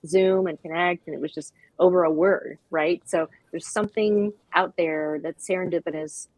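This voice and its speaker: A woman being interviewed as the founder of a dog-park nonprofit, talking with animated enthusiasm and acting out little quoted voices. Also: fairly low pitch, moderate pace, dry recording, low-quality recording.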